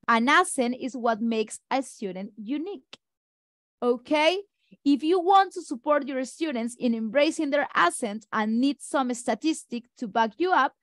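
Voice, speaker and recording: High-voiced woman, teaching. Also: a bit bright, no room sound. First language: Spanish. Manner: brisk, speaks fast, addresses colleagues directly. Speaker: teacher trainer. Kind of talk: online teacher-training lecture.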